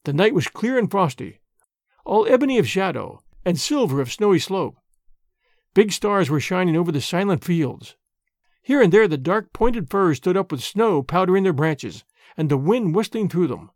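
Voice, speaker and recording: A man reads a story aloud with a lively, expressive delivery, his voice climbing and falling freely. He sits high for a man. The sound is dry and close, with no room around it. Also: moderate pace, dry recording. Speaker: narrator. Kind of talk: audiobook narration.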